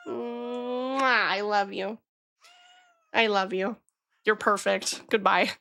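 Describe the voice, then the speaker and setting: A young adult woman streaming from home, chatting casually in a gushing, excitable way and swearing freely, close on the mic. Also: fairly high pitch, no room sound. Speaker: VTuber streamer. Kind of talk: casual live-stream chat.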